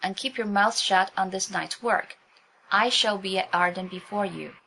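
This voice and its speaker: A woman voicing a bold, gallant male highwayman who is commanding at one turn and gently teasing at the next. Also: moderate pace, gravelly, a little hiss or hum, low-quality recording. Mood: mocking. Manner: commanding, then gentle and mocking.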